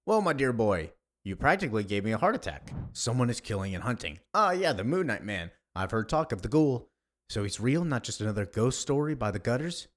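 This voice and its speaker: A man's voice: mid-range voice, very animated, brisk, lightly acted. A man voicing an eccentric older informant who talks in a genteel, fussy, cryptic way.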